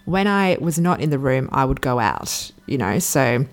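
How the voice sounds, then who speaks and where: A woman's voice: rumbling low, very animated, moderate pace. An Australian woman from Sydney hosting a solo podcast, telling a personal story in a candid, chatty way that drifts off track. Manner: candid, chatty, prone to digressions. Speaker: podcast host.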